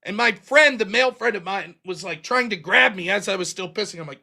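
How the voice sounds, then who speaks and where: A man's voice: high-pitched, fairly quick, creaky. A middle-aged American man hosting a livestream, telling stories casually with lots of swearing and laughter. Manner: profane, animated, laughs often. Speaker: livestream host. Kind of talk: casual storytelling.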